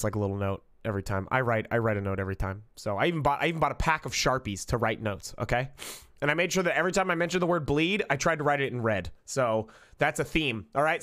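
Young male streamer, slightly high voice, brash and profane, jokey live chat with sudden shouts. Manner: loud, profane, jokey, swings between shouts and mutters. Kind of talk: casual livestream chat.

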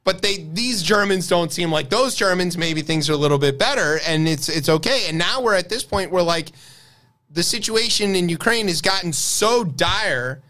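An American man co-hosts a podcast, chatting casually about politics and the news with a wry, sarcastic edge. His voice sits high and sounds bright and forceful, animated at a moderate pace.

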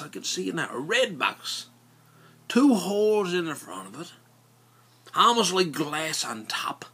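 Animated storyteller man. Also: fairly high pitch, a little slow, pauses often, slightly rough. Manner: animated, folksy dialect narration. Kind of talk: casual spoken storytelling.

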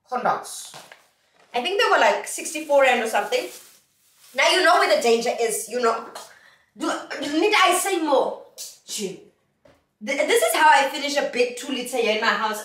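Speaking from a distance in an echoey room, a bit off mic, a young South African woman addresses her viewers in a casual haul vlog. She sounds playful and sing-song, with a high voice and a fairly bright tone.

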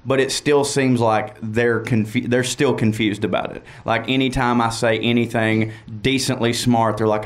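A man's voice: medium pitch, steady tone, moderate pace, hardly any pauses. A man with a Georgia accent, a comedian guest talking in a chatty, wry, self-mocking way. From northwest Georgia. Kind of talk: casual interview chat.

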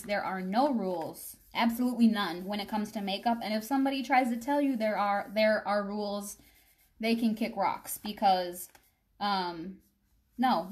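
A young woman talks through her makeup routine on a live stream. She rambles in an easy, chatty way and speaks straight to her viewers. Her voice sits at an ordinary middle pitch. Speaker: makeup vlogger. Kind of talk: casual live-stream chat while doing makeup.

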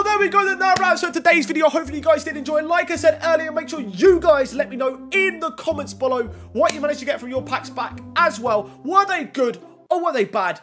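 Excitable high-voiced young man gaming. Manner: excitable, swinging between groans and yelps. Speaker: gaming YouTuber. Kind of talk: casual game pack-opening commentary.

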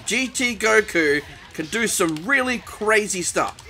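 A man giving live commentary over his own fighting-game match, excitable and quick to exclaim in alarm and poke fun at himself. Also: sits high, faint music behind. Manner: excitable, panicky exclamations and self-mocking. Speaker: gaming commentator.

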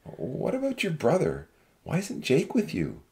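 A woman's voice: low-pitched, huge pitch swings, a little slow, vocal fry, darkish tone, heavily acted. A woman voicing a confused, troubled young man asking questions in a Christian novel reading.

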